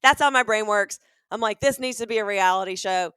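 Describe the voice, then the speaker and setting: A woman comedian from Alabama co-hosting a comedic podcast, riffing jokes quickly and acting out dialogue. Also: medium pitch, sharp tone, smooth, no room sound. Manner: quick joking riffs, acts out dialogue. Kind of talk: casual comedic chat.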